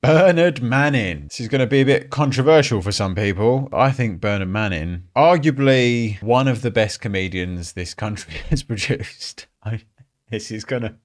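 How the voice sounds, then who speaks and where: A man's voice: medium pitch, lively intonation, normal speed. A man hosting a casual commentary show, chatty and frank, swearing freely and laughing often. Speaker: podcast host.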